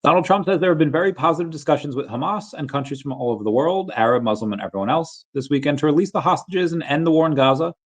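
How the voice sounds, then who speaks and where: On a casual livestream, a male host with a slightly high voice talks quickly and barely pauses. He reads headlines out loud and greets viewers in the chat, frequently starting his words over.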